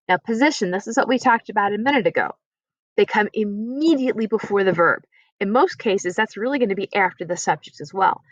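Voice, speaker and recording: A woman's voice: medium pitch, dry recording. A woman teaching an online French lesson, patient and encouraging as she breaks each point into small steps. Her voice is dry and close, with nothing around it, and the recording sounds dull and lo-fi. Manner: patient, encouraging, explains step by step.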